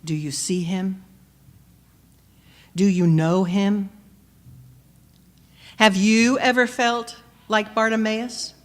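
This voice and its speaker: A woman preacher delivering a sermon, measured and questioning, rising to emphatic peaks and dropping soft. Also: mid-range voice, little pitch movement. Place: church. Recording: long church reverb.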